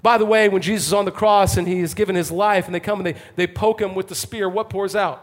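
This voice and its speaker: A male pastor delivering an impassioned sermon to a congregation, swinging from fervent calls to hushed intensity. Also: high voice, steady tone, quick pace. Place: church, before a congregation.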